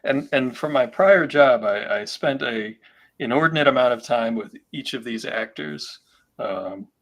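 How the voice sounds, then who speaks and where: A man's voice: mid-range voice, animated, measured pace. A middle-aged man chatting casually on a live stream, telling long convention anecdotes with lots of fillers. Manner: rambling anecdotes with many fillers. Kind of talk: casual chat.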